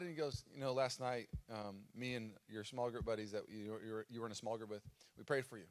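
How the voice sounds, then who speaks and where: A man's voice: on the low side, fast talker. An American man in his thirties, a pastor giving a sermon live in a church, telling stories and acting out his own cries. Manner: animated storytelling with dramatic acted-out cries. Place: church auditorium. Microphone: live stage microphone.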